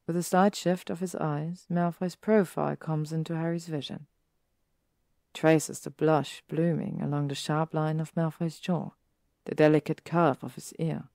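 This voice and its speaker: A woman reading fan fiction aloud in a calm, even narration. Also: deep voice, vocal fry, no echo, studio quality. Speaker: story reader.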